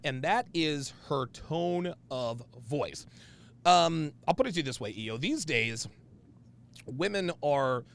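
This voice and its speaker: A man's voice: medium pitch, creaky. A man hosting a casual podcast, talking bluntly and emphatically with profanity and restarts. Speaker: podcast host.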